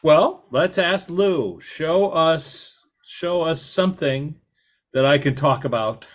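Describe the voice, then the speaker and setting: A man hosting a podcast interview, talking in a halting way with many fillers and restarts. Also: fairly high pitch, lively intonation. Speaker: podcast host. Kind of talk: conversational interview.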